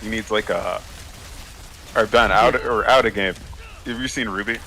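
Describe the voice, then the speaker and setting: A man playing a tabletop game, joking around in loud, excitable banter with faint hiss behind. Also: lowish voice, normal speed, creaky. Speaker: player. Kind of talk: casual chat at a game table.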